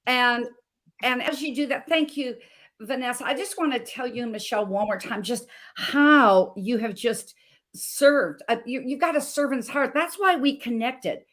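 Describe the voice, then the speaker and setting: A middle-aged woman from Montana, a guest health coach telling her personal story with dramatic swings from hushed to emphatic. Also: fairly high pitch, unhurried. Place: video call.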